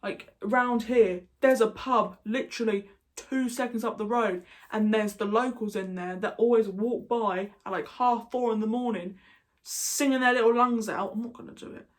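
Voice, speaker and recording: A woman's voice: a little high, fairly even intonation, moderate pace. Casting: chatty British woman vlogger, jokey, wanders off on tangents. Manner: rambling, jokey, goes off on tangents. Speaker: YouTuber. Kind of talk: casual vlog chat.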